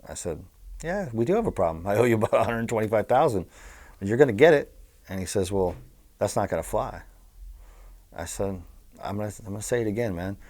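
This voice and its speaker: A middle-aged former bookmaker from Southern California, appearing as an interview guest, tells blunt, profane stories in casual storytelling, animated throughout. His voice is fairly low and a little fast, and he pauses often.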